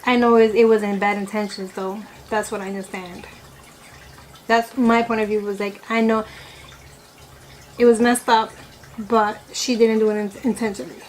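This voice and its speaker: A woman's voice: medium pitch, level tone, moderate pace, long pauses, slight background noise, poor audio. A woman vlogger chatting casually about her opinions while eating, rambling and correcting herself as she goes. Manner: rambling, with many "you know" fillers and self-corrections.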